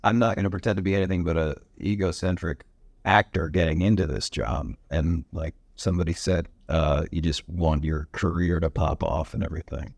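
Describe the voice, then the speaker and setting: Deep-voiced earnest man. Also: fairly even intonation, creaky, no room sound. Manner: earnest, thoughtful, halting. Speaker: panelist actor. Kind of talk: earnest reflective panel talk.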